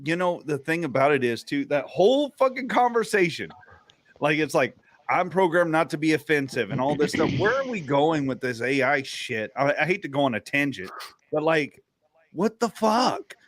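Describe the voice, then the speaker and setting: A man co-hosting a podcast in casual chat, telling stories in an animated, profane way and laughing often. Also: fairly high pitch, moderate pace, no room sound. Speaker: podcast co-host.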